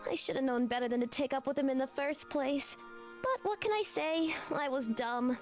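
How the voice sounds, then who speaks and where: A woman's voice: high-pitched, normal speed, close to an everyday voice. An actress playing a brassy young showgirl who talks in breezy 1930s slang, with game music behind. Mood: rueful. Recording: game audio with music bed.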